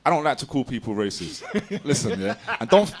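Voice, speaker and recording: A man's voice: medium pitch, animated, a little fast. Slangy man in a laughing casual chat. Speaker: interviewee. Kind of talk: casual conversation.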